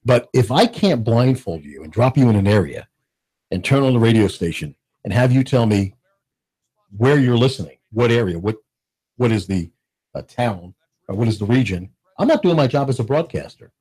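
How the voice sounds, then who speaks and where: A man's voice: mid-range voice, normal speed, breathy edge. A middle-aged man, a radio station owner, chatting casually as a guest in a radio studio. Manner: animated, jokey, mimics voices. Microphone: studio microphone.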